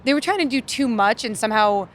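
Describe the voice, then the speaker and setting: A woman from Worcester, a podcast guest chatting about a film in a quick, blunt, jokey way. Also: fairly high pitch, animated. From Worcester, Massachusetts. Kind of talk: casual movie review chat.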